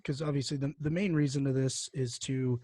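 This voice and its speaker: A man's voice: medium pitch, a little fast, no echo, clean studio sound. Easygoing male podcast host. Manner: relaxed, easygoing questioning with fillers. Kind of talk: casual podcast interview.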